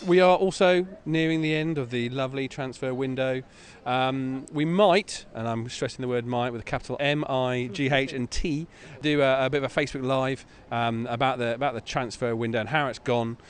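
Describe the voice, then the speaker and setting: A man's voice: medium pitch, fairly even intonation, a little fast, few pauses. A man co-hosting a football podcast, asking questions hesitantly with many ums and restarts. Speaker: podcast co-host. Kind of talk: casual football chat. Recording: faint background noise.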